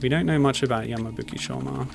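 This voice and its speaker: With vocal fry in his mid-range voice and a quick pace, a man talks casually through his video game stream, wandering into tangents. Game music runs in the background.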